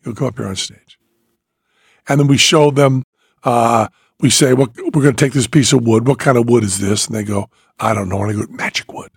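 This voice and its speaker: A man's voice: mid-range voice, a little fast, creaky, breathy edge, no room sound, studio quality. A man hosting a casual chat, telling rambling stories and acting out dialogue. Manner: rambling storyteller, acts out dialogue. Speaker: podcast host, magician.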